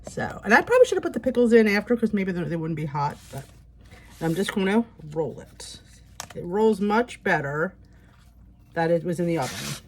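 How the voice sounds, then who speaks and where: A woman's voice: lowish voice, very animated, moderate pace, slight background noise. Chatty woman hosting a cooking vlog. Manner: chatty, upbeat, talks to viewers. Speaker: cooking channel host. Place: home kitchen.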